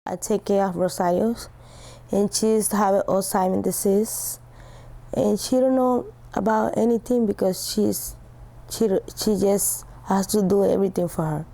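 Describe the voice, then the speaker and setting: Woman caregiver, halting phrases, dark gravelly voice. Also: medium pitch.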